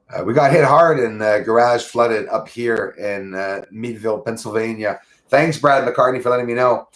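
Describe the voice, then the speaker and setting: A man hosting a casual livestream, talking to viewers in a halting, earnest way with many fillers and restarts. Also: fairly low pitch. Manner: earnest, thankful tone. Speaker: livestream host.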